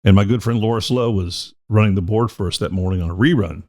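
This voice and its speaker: A man's voice: lowish voice, fast, dark tone. A middle-aged man, a podcast host and former radio DJ, telling rambling, profane stories in casual chat.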